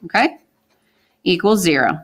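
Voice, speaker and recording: A woman with a lowish, animated voice teaches a math class, guiding students through problems. She moves briskly, posing questions to the class and answering them herself as she goes.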